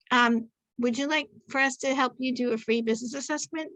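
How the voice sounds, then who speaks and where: A woman's voice: on the high side, no echo, rough recording. A woman in her fifties hosting a podcast over a video call, chatty and rambling, correcting herself as she goes and slipping in jokes. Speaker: podcast host. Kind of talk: casual interview introduction.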